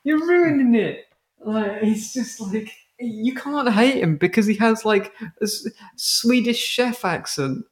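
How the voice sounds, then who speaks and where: A woman's voice: a little high, takes it slowly, hardly any pauses. A woman co-hosting a podcast, chatting casually in an exasperated, sweary way. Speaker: podcast co-host. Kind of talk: casual chat.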